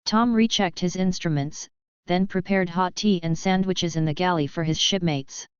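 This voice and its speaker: A woman narrating an audiobook in a steady, measured reading. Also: on the low side, clean tone, no echo, muffled recording. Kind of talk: scripted narration.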